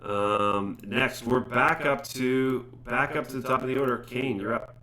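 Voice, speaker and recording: Bright-voiced man running a tabletop game. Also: mid-range voice, fairly even intonation. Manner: halting, self-correcting narration. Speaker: game master. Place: home streaming setup.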